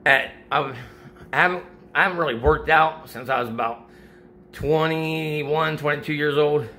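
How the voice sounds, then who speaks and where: A middle-aged vlogger offering supplement advice chats casually about workout gear and supplements, still out of breath from exercising, rambling and restarting sentences as he goes. His voice sits on the high side with fairly even intonation and a moderate pace, bright and forceful. A little hiss or hum can be heard.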